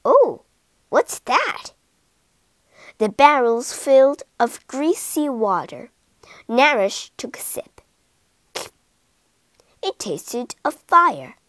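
A woman narrates an animal storybook for English learners, reading slowly and clearly. Her high voice rises and falls a lot as she tells it. The recording is close and dry. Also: no echo. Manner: slow, clear, expressive reading.

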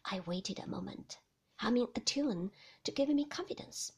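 A woman's voice: fairly high pitch, expressive, moderate pace, slightly rough. Woman whispering a storybook reading. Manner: soft, hushed whisper. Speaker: audiobook narrator.

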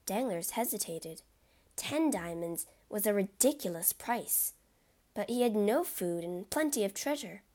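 A woman's voice: medium pitch, animated, a little slow, warm tone. A woman reading a classic adventure story aloud as narrator, with a dramatic delivery.

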